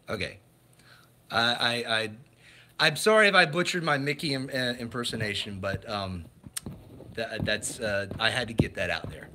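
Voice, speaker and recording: Bright-voiced man chatting on a livestream. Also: mid-range voice. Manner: chatty, halting with fillers and restarts. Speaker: livestream host. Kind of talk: casual livestream chat reading comments.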